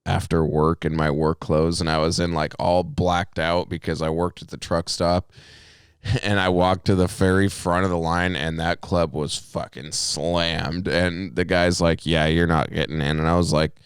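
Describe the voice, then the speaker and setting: Young male podcast co-host, laid-back storyteller, very low smooth voice. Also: level tone, measured pace, no room sound, studio quality. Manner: laid-back storyteller who swears freely. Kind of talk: casual chat.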